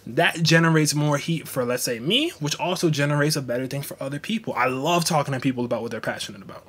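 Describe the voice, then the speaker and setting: A man's voice: a little high, fast talker, slightly rough. Blunt, slangy young man talking astrology live. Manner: blunt, slangy, profane, animated with mocking quoted voices. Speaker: astrology livestream host. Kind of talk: casual livestream talk.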